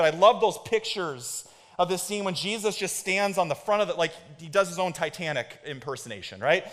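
A man preaching a sermon as pastor, moving between hushed and loud, excited storytelling, and asking the congregation to repeat words. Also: high voice, brisk. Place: church sanctuary. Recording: long hall reverb.

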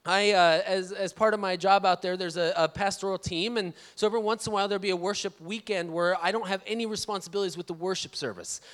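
A man in his thirties preaches with a high, bright-pitched voice, telling a personal story in an easy, animated way. He calls out for amens from the congregation. The sound rings with the long reverb of a large church auditorium. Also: fast talker, few pauses. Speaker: pastor. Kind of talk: storytelling sermon.

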